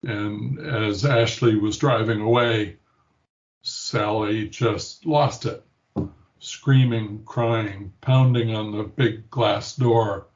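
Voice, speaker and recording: A man's voice: on the low side, fairly even intonation, takes it slowly, highs cut off. An older man, a grandfather, reflectively telling a personal story in an interview and acting out the quoted voices. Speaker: interview guest, patient.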